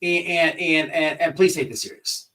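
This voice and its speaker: A man's voice: on the high side, fairly even intonation, moderate pace, bright, forceful tone, far from the mic, low-quality recording. A man hosting an online commentary show, ranting in a profane, confrontational, repetitive way.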